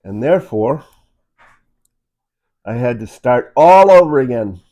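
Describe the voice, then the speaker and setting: A rambling, easygoing man co-hosts a casual chat, recorded on a phone with lo-fi sound. His mid-range voice is expressive, a little slow, and dark in tone, and he leans on fillers like "you know" as he talks conversationally.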